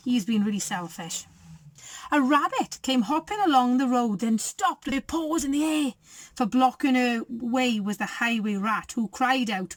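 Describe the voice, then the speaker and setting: A woman's voice: a little high, a little slow, no echo. A woman, a primary school teacher reading a picture book aloud and asking the children questions. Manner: warm, encouraging, asks children questions.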